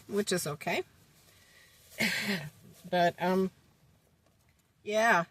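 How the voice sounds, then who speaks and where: A woman's voice: fairly low pitch, sharp tone. Chatty woman vlogging from a distance. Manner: chatty, meandering, with many ums and uhs; folksy and faith-filled sign-off. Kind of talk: casual rambling talk to camera. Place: inside her van.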